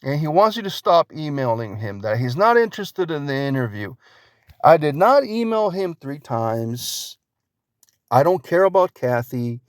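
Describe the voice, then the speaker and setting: Reading screenshots aloud, a YouTube host vents his indignation in a vlog, repeatedly throwing out rhetorical questions. His fairly high voice is very animated yet unhurried, captured in clean studio sound with no room echo.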